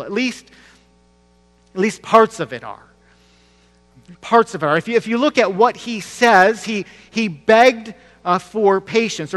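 A man's voice: sits high, fairly bright tone, long reverb tail. A man preaching a sermon in a conversational, emphatic way, repeating key phrases and asking the congregation rhetorical questions. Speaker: pastor.

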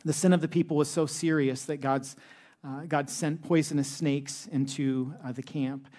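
A man's voice: a little high, steady tone, normal speed, a little mellow. A man in his thirties, a pastor preaching a sermon in a conversational, humorous way with many "uh" fillers.

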